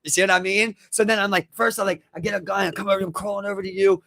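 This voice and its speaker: Fast-talking high-voiced man telling war stories. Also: vocal fry, no room sound. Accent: Baltimore. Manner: animated storytelling, swearing, acting out shouts. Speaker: podcast co-host. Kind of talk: casual chat.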